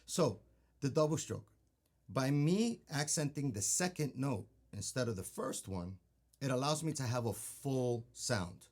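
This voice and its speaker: A man's voice: mid-range voice, lively intonation, a little slow. A man teaching drum technique, patiently explaining and counting beats aloud, often checking in with "okay?". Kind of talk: instructional demonstration. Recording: loud drumming and stick clicks behind voice.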